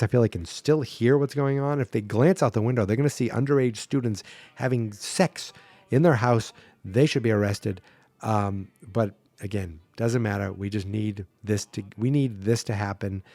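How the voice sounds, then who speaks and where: A man's voice: medium pitch, darkish tone, no echo. A man hosting a podcast, casually recapping a movie plot with sarcastic asides. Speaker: podcast host.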